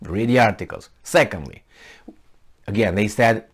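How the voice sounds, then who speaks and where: A man's voice: on the low side, expressive. Man with a delivery commenting on news. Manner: halting, many fillers and restarts, grows heated and sarcastic. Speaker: commentator reading news aloud. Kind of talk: casual spoken commentary on news articles.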